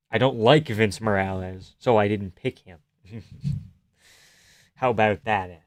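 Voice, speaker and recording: A man's voice: lowish voice, dry recording. A young man hosting a live stream, casually chatting and reading viewer comments aloud, swearing freely and laughing often.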